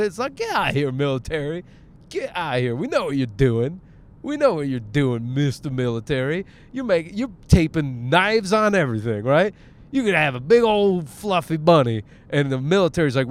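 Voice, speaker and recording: A man hosting a podcast, ranting casually and sarcastically, swearing often and acting out quick voices as he rambles. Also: on the high side, sing-song. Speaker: podcast host. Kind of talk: casual comedic rant.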